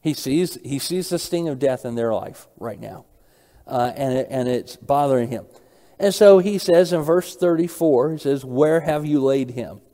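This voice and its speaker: A man's voice: medium pitch, expressive, normal speed, few pauses, mellow, in a large hall. A man preaching a Bible study sermon. He asks his listeners questions, repeats key phrases and reads verses aloud.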